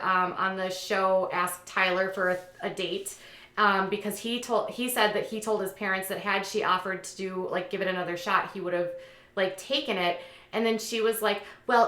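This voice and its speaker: A woman's voice: medium pitch, bright, forceful tone, reverberant. A woman giving a casual, gossipy recap of a reality show, sarcastic and full of "like" fillers, mimicking people in mocking voices. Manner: acts out quotes in mocking voices. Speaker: reality TV commentator.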